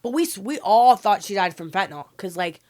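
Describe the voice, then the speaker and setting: A woman guest on a podcast, telling her story candidly in an emotional, rapid way, full of "like" fillers and swearing. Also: medium pitch, expressive, a little mellow.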